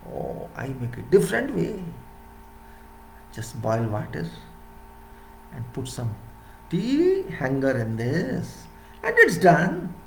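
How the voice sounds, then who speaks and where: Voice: mid-range voice, huge pitch swings, slow, vocal fry, pauses often, roomy sound, slight background noise. An engineering lecturer in a rambling, playful monologue who asks rhetorical questions and answers them.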